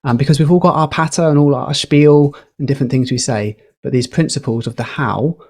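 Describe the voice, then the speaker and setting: Man, mid-pitched, podcast guest, emphatic teacherly explainer. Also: a little fast. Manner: lively, emphatic, teacherly, with fillers. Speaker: podcast guest, communication educator. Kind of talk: explaining, casual podcast chat.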